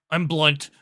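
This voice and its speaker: An amused man casually recounting his chats with an app, with a dry, chuckling delivery. His voice sits a bit high for a man, and he talks slowly and unhurriedly. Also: pushed and bright. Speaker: vlogger reviewing an app. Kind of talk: casual storytelling recap.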